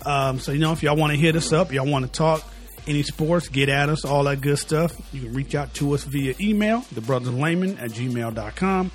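A man's voice: on the high side, fairly quick, soft background music. A man co-hosting a casual sports talk podcast, with a slight lisp and a laid-back, slangy way of talking. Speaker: podcast co-host.

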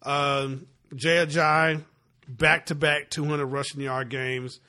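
A man's voice: a little high, little pitch movement, slow pace, bright, forceful tone. A man hosting a sports podcast, running through topics in a loose, casual way. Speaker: podcast co-host.

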